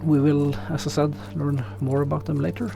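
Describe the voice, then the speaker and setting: A man with a pronounced non-native English accent, narrating and commenting on a game in a relaxed, self-deprecating way. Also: on the high side, moderate pace, creaky, over music. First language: not English. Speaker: let's play host.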